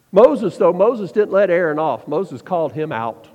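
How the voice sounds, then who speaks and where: A man preaching a sermon, asking the listeners pointed questions and slowing down to stress his points. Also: high voice, big pitch swings. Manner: preaching with rhetorical questions and slowed emphasis. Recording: dull sound with long reverb.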